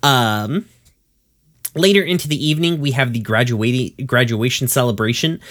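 A man's voice: medium pitch, moderate pace, a bit bright. A man casually recapping a cartoon episode on a podcast, laughing and swearing as he goes. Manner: casual, profane, laughs while summarizing.

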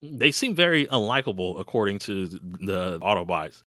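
A man's voice: fairly low pitch, sing-song, normal speed, fairly bright tone, no room sound. A man co-hosting a podcast in casual chat, joking and laughing at his own quips. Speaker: podcast co-host.

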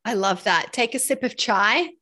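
A woman podcast host and coach with a mixed, mostly Australian accent, upbeat and quick to laugh. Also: fairly high pitch, sharp tone. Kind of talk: podcast interview.

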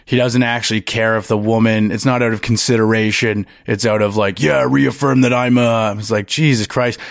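A man in casual podcast chat, animated and profane, often mimicking other people's voices as he tells stories. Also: lowish voice, a little fast, no room sound, clean studio sound. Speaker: podcast guest.

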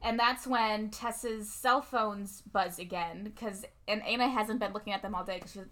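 A young woman casually recapping a movie with a friend, chatty and quick to laugh as she acts out lines. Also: medium pitch, fairly bright tone. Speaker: podcast co-host.

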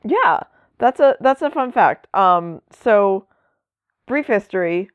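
A woman's voice: mid-range voice, animated, slow, clean tone, dry recording. A woman co-hosting a podcast, explaining things in a chatty way with many asides. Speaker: podcast co-host. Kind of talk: casual chat. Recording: dull lo-fi sound.

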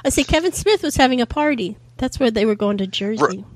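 A woman's voice: on the high side, expressive, fairly quick, dry recording. A woman chatting as a podcast guest, laughing often as she retells a favorite episode. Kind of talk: casual chat.

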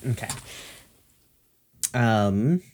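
A man's voice: fairly low pitch, animated, very slow, darkish tone, a little hiss or hum. Hesitant male tabletop player. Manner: hesitant, many fillers. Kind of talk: tabletop game play.

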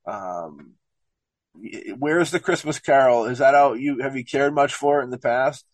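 Mid-range in pitch, the presenter is heard in a dry, rough recording as he haltingly reads book passages with minor slips. Afterward he rambles in casual talk, repeatedly asking "you know what I mean".

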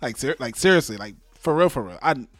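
An American man chatting casually, animated and slangy, swearing and laughing. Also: medium pitch, a little fast, no room sound. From United States. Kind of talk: casual political chat.

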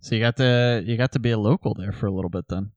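A man's voice: lowish voice, fast talker, darkish tone, no room sound, highs cut off. A man co-hosting a podcast in casual chat, rambling and restarting his sentences. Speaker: podcast co-host.

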